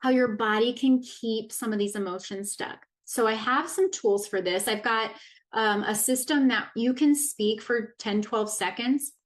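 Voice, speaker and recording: A woman's voice: on the high side, a little slow. A woman in her thirties, a wellness coach giving a casual masterclass talk, earnest and reflective, with loose fillers and restarts.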